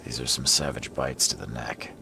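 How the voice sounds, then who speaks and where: An actor voicing a grim male detective in a game, examining crime scenes in a deep, gravelly voice. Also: little pitch movement, moderate pace, bright, forceful tone, soft background music, exaggerated voice. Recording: game audio with ambient noise.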